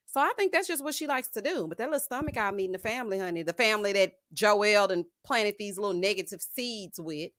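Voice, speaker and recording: A woman hosting a live stream, giving sassy, animated commentary and calling her viewers "honey" and "child". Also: mid-range voice, fast, hardly any pauses, dry recording, clean studio sound. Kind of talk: casual reality-show commentary.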